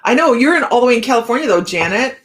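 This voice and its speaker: A woman's voice: on the high side, animated, racing. A woman hosting a live tarot stream, chatting casually with viewers, greeting them by name and laughing often.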